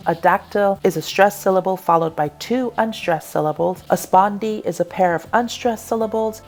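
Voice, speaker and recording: A woman, a college instructor, giving a recorded online lecture, explaining patiently and slowing down to sound out lines. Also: lowish voice.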